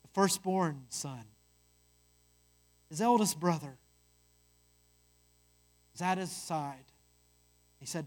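A storyteller reading a parable aloud. The delivery is measured and earnest throughout. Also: medium pitch.

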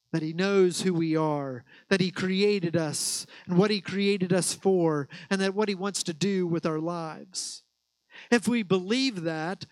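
High-voiced male preacher, dry sound. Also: no room sound, poor audio. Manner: earnest preaching, slows on key words. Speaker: pastor. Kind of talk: sermon.

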